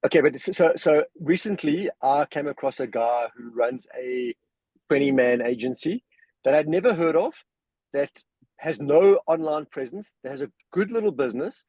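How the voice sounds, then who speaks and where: Husky man telling stories on a podcast. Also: on the high side, moderate pace, darkish tone, no room sound, poor audio. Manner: anecdotal, emphatic. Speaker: regular guest. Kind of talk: casual podcast discussion.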